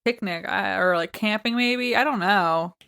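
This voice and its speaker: A woman's voice: mid-range voice, unhurried, gravelly, a bit bright, clean tone. A woman co-hosting a podcast in casual chat, laid-back, dry and sarcastic, with some swearing. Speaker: podcast co-host.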